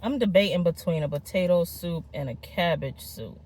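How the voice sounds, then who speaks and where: Out on a walking trail, a woman in her forties catches her breath while chatting upbeat to her vlog audience, whom she calls friends and y'all. She has a lowish, darkish voice with lively intonation at a normal speed.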